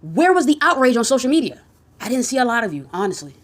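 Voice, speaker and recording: A woman's voice: a little high, very animated, fast. A woman giving ranting social commentary, blunt and heavily profane, firing off heated rhetorical questions.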